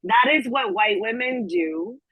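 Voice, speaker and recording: A woman with a bright, forceful voice talks emphatically as a podcast guest, jumping in to correct details or back up the host. Her sound is dry and close, with no room behind it. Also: a little high, animated, breathy edge, no echo, low-quality recording. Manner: emphatic, quick to agree and jump in. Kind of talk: casual conversation.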